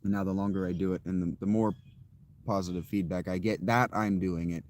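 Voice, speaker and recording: Low-pitched male streamer, casual and self-deprecating, talking off the cuff to viewers. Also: fairly even intonation, brisk, a little mellow. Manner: candid, rambling and self-deprecating. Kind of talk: casual chat to a live audience.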